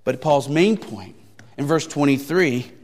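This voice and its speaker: Preaching as a pastor, this man is deliberate and emphatic, circling back to key phrases and asking probing rhetorical questions. He sits on the higher side, sounds a touch mellow, and the audio has a big-room quality.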